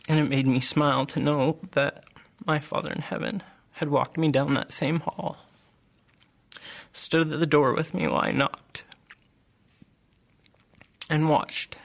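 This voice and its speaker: Middle-aged guy with a gravelly voice, sharing a heartfelt testimony, slow and halting, lots of restarts. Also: fairly high pitch, flat delivery. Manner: earnest, halting, many restarts and pauses. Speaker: group member sharing testimony. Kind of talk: personal testimony.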